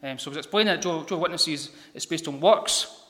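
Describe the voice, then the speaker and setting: A man delivers an informal gospel sermon in a church hall, stumbling over his words and filling pauses with ums. His voice sits a little high for a man. The hall gives each phrase a long, reverberant tail. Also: pushed and bright. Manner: halting, many ums and repeated words. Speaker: lay preacher.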